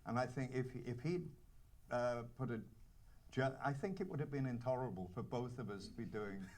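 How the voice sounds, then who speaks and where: A man from North Wales with a North Welsh accent, an actor telling anecdotes at a cinema Q&A in a halting, wry way full of restarts. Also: mid-range voice, a little mellow. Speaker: actor at a screening Q&A. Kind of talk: casual anecdotal panel talk. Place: cinema auditorium with audience.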